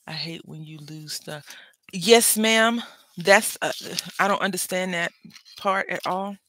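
Crafting host with a bright, forward tone and a dry, close sound. Chatty and rambling, talks while working. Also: medium pitch, a little slow, no room sound. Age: adult with school-age kids. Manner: rambling, chatty, self-interrupting. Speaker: papercraft channel host. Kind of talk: casual chat while crafting.

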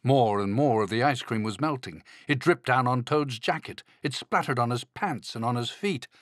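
A man narrating a children's storybook in a slow, expressive read-aloud manner. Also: mid-range voice, no echo, studio quality. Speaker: audiobook narrator.

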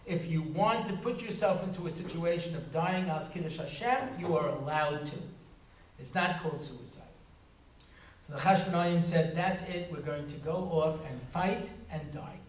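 In a synagogue hall, a man with a somewhat high voice gives a humorous Torah talk at normal speed, telling stories, acting out voices and laughing. He's recorded from a distance in the roomy hall, with faint background noise.

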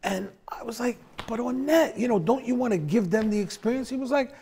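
A man, a bassist, telling stories in a sit-down conversation, acting out quotes with big swings in his voice. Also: brisk, slight background noise. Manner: animated storyteller, acts out quotes with big pitch swings.

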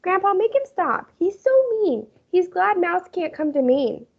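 A woman's voice: very high voice, lively intonation, a little slow, gravelly, pitched above the performer's own voice, exaggerated voice. A woman voicing a whiny, dramatic young girl who complains that everything goes wrong for her. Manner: complaining, upset. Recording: muffled lo-fi recording.

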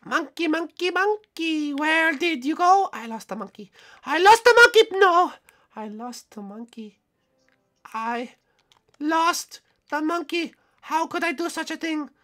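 A man putting on a silly high-voiced monkey hunter, chanting in a gleeful sing-song during gameplay commentary. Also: normal speed, bright, forceful tone.

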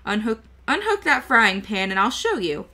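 A woman reader voicing a spirited, bossy elderly woman who scolds in a raised, forceful voice. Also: a little high, big pitch swings, normal speed.

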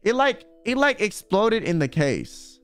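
A man's voice: high voice, very animated, measured pace, clean tone, soft background music. A man streaming in a casual chat, rambling and swearing freely, full of filler words. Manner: rambling, profane, full of "like" and "you know".

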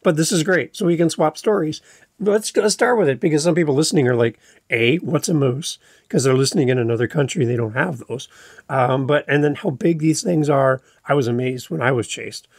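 A man hosting a podcast in casual chat, eager and quick to jump into his own stories. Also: fairly high pitch, no room sound, clean studio sound. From Canada. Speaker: podcast host.

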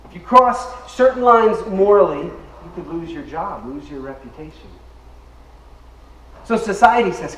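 A man's voice: sits high, expressive, moderate pace, a bit bright. A male pastor delivering an emphatic sermon in a church sanctuary. He draws the congregation into call-and-response. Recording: echoey room, mic at a distance.

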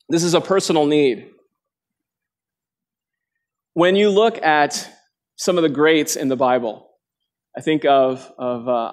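A man with a somewhat higher voice preaches a sermon before a live congregation. He talks earnestly, asking his listeners direct questions. When he acts out quotations, his voice jumps sharply in pitch.

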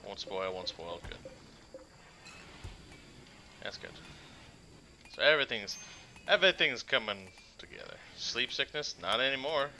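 A man casually commenting on his own gameplay, muttering quietly to himself and sometimes bursting out loud. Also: medium pitch, measured pace, long pauses, slight background noise. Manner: muttering to himself, then loud excited outbursts. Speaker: gaming channel host. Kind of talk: casual let's-play commentary.

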